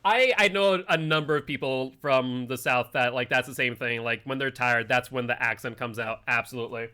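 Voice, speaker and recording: Bright-voiced chatty male streamer. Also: medium pitch, normal speed, clean tone. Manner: chatty, filler-heavy, talks to chat and friends. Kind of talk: casual live-stream chat while gaming.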